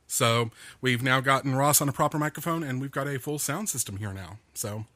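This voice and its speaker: A man with a bright, forward voice co-hosts a relaxed podcast from a small home studio. He sounds upbeat and laughs easily between points. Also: mid-range voice, brisk, dry recording. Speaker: podcast co-host. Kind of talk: casual chat.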